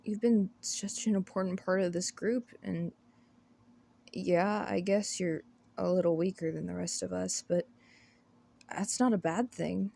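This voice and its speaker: A woman voicing a shy, gentle androgynous elf companion in a whispered role-play, hesitant and stammering, often apologizing. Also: lowish voice, steady tone, a little slow, vocal fry. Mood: tender.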